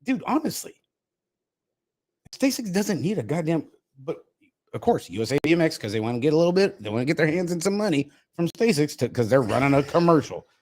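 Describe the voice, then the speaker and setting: A man's voice: a little high, lively intonation, quick pace, a little mellow. A man hosting a podcast, ranting in a heated, profane, casual way. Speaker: podcast host. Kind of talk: casual chat.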